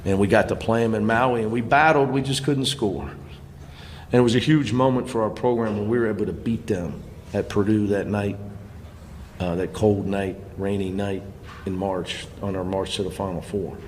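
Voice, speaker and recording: A man, a basketball coach, speaking at a press conference in a rambling, halting way. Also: lowish voice, fairly even intonation, big-room sound, a little hiss or hum.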